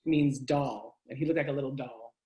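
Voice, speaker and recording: A man interviewing a guest over a video call, animated and quick to laugh. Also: medium pitch. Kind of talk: casual video-call conversation. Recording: echoey room on a video call.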